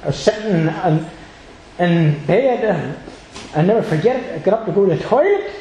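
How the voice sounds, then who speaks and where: Man, high voice, earnest rambling church testimony, heavy echo, meeting hall. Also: sing-song, normal speed, mellow, slight background noise. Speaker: church member giving testimony. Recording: very echoey room.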